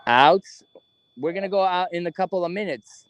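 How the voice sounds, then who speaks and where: A man, slowly asking spirits questions during a ghost hunt in a cemetery. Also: sits high, clean tone, highs cut off. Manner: slow, coaxing questions with long pauses. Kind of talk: paranormal investigation, talking to spirits. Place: cemetery at night.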